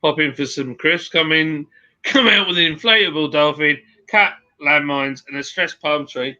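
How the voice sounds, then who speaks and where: A man's voice: a little high, moderate pace, bright, forceful tone, dull audio. A man hosting a casual live stream, chatting with a friend, joking and reading out viewer comments. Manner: chatty, jokey, rambling.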